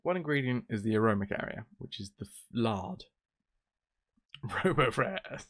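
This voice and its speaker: A man's voice: fairly low pitch, lively intonation, brisk, no echo, studio quality. A man streaming a game, chatting casually and rambling with jokes as he plays. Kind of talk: casual gameplay commentary.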